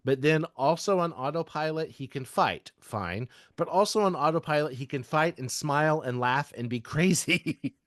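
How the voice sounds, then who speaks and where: A man's voice: fairly high pitch, expressive, moderate pace, hardly any pauses, fairly bright tone, dry recording, studio quality. A man from the American South co-hosting a podcast, talking casually with lots of fillers and restarts. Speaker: podcast co-host. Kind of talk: casual chat.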